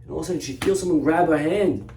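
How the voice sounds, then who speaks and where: A man's voice: fairly high pitch, rapid-fire, creaky, warm tone, a little hiss or hum. A man, a rabbi, teaching a Torah class through an earnest story. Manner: earnest, story-driven, exhorting. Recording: roomy echo, far from mic.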